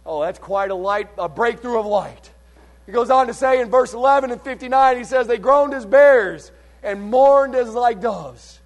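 High-voiced man preaching a fervent sermon. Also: moderate pace. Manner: fervent preaching, swinging from hushed to loud; reads scripture in old King James wording.

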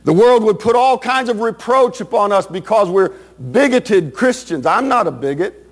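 A man's voice: sits high, lively intonation, moderate pace. A man preaching a Baptist sermon with a fervent, rising and falling cadence.

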